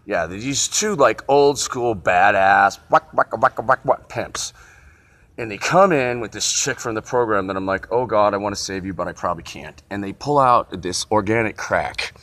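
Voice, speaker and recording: Male vlogger, animated and profane, with digressive comic storytelling outdoors. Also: fairly low pitch. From Encino, California. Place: outdoors on a city street.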